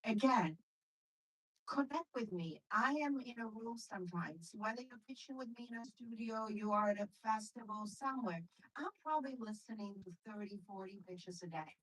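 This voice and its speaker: A middle-aged woman gives an informal talk on pitching films, with a slightly husky, breathy voice. She chats freely, tosses in "you know" often, and acts out what people say. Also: normal speed, fairly bright tone, poor audio. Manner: chatty, lots of "you know", acts out quoted lines. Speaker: film producer giving a talk on pitching. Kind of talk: animated talk to an audience.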